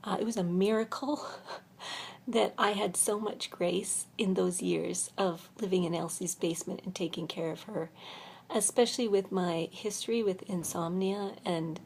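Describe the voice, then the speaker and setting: An older woman telling her life story in a soft, half-whispered voice, a little weary, in a quiet room at a retreat center. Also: medium pitch, steady tone, moderate pace, a little hiss or hum. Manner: speaking softly, half-whispering to keep quiet. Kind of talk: personal storytelling vlog.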